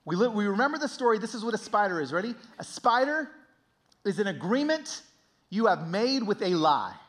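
A young man preaching a sermon, telling stories with lively, animated delivery and sudden high exclamations. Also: a little fast. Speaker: pastor.

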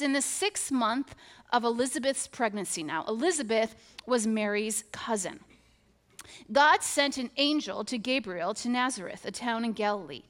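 Woman, preacher, sermon, high voice, humorous storytelling. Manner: animated, humorous storytelling with scripture reading.

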